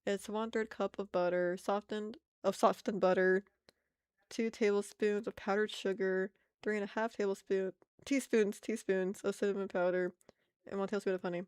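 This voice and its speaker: A woman's voice: medium pitch, steady tone, moderate pace, darkish tone, clear, resonant tone, dry recording, clean studio sound. Chatty American woman streamer, laughing often. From United States. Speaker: art streamer. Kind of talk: casual chat with stream viewers.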